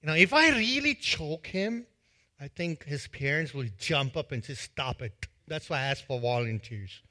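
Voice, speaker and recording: A male pastor giving a sermon in a church, retelling a parable in an animated way and acting out its scenes with a volunteer. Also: a little high, normal speed. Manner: animated storytelling that acts out scenes.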